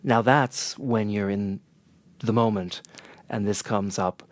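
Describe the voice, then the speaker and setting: A man with a Northern American accent, an interpreter teaching in a measured, earnest way. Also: fairly low pitch, fairly even intonation, no echo. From northern United States. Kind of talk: scripted lesson to camera.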